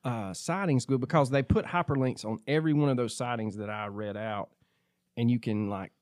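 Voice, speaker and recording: A man co-hosting a podcast, reading items out in a dry, deadpan manner. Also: mid-range voice, fairly quick, no room sound. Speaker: podcast co-host.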